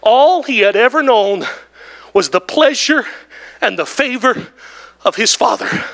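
A man preaching a sermon in church, building to shouts and drawn-out, emphatic phrases broken by "oh" and "hallelujah". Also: extremely high pitch, expressive. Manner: drawn-out emphatic delivery with interjected "oh" and "woo, hallelujah". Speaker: pastor.

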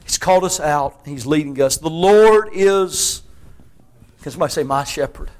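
High-voiced preacher man, shouting at times. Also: fast talker. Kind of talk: sermon.

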